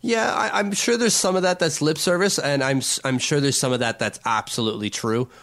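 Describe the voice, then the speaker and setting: A man's voice: on the high side, a little fast, vocal fry, fairly bright tone. A man co-hosting a casual sports podcast, rambling and restarting his sentences often. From not from Long Island. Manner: rambling, self-correcting, stammers on restarts. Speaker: podcast co-host.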